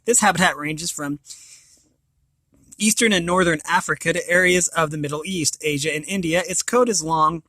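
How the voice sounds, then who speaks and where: A man's voice: a little high, normal speed, bright, forceful tone, dry recording. A man reading a children's picture book aloud, stopping to describe the pictures and restarting words. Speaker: reader of children's books.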